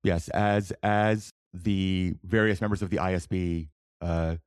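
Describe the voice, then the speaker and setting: A man hosting a podcast in casual chat, thinking aloud in a quick, chatty way. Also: low voice, fairly even intonation, a little mellow, smooth, dry recording, clean studio sound. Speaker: podcast host.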